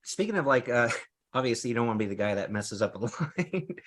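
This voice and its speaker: Male host, mid-pitched voice, casual and chatty, laughs between lines. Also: big pitch swings, brisk, a bit bright. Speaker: interview host. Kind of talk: interview conversation.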